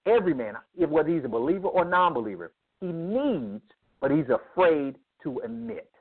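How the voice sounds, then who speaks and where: A man's voice: a little high, very animated, normal speed, husky. A man being interviewed about men's ministry who speaks in an emphatic, preacherly way, acting out dialogue as he tells stories. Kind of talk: animated interview storytelling. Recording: tinny phone line.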